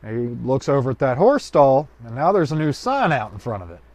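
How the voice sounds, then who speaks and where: A man's voice: medium pitch, very animated, fairly quick, darkish tone, no echo. A man telling a joke in a loose, colloquial storytelling way with rambling asides. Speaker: joke teller.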